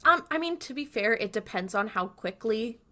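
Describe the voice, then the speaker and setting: A woman's voice: fairly high pitch, animated, moderate pace, sharp tone. A woman co-hosting a casual rewatch podcast, adding wry, joking commentary. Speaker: podcast co-host.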